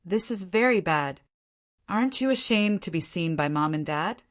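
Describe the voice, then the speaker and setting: A woman's voice: on the low side, expressive, normal speed, close to an everyday voice. A woman voicing a teasing, bratty young sister who mocks and scolds her older brother in a storybook reading. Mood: mocking. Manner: mocking, scolding.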